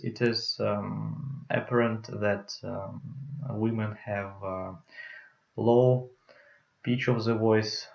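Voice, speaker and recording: A man's voice: on the low side, vocal fry. A young man with a Russian accent giving a hesitant conference talk on public speaking, with many fillers. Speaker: student presenter. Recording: roomy, muffled lo-fi sound.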